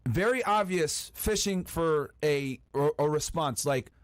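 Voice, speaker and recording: A man's voice: fairly high pitch, animated, a little slow, slight background noise. A man hosting a podcast, talking casually in slangy commentary with many restarts. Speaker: podcast host.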